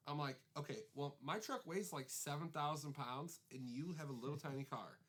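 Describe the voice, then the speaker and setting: A man's voice: on the high side, moderate pace. A man co-hosting a podcast, telling a story in casual chat, swearing freely and acting out the quotes. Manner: animated, swearing anecdotes, acts out quotes. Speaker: podcast co-host.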